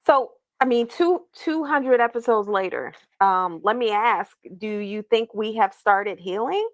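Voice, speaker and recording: A woman's voice: medium pitch, unhurried, no echo. A woman interviewing a podcast host over a video call, asking probing questions in a casual, encouraging way. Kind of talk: casual conversation.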